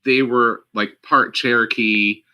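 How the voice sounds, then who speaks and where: A man's voice: medium pitch, fairly even intonation, slow, bright, forceful tone, clean tone. A man co-hosting a casual chat, making dry joking asides. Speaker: co-host.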